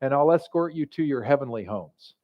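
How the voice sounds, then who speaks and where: A man's voice: medium pitch, animated, fairly quick, lightly acted. A man voicing a cheerful Saint Peter greeting souls at heaven's gate, in a breezy, offhand way, in a slightly muffled recording. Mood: welcoming.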